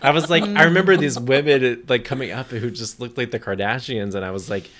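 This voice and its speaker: A man's voice: mid-range voice, a little fast, a bit bright. A man in casual conversation, chatty and prompting his friends to tell stories. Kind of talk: casual chat.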